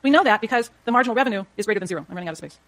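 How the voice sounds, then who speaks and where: Her medium-pitched voice is expressive and a bit bright, delivered rapid-fire. She's an economics lecturer giving a classroom lecture, sketching graphs and explaining things to students step by step.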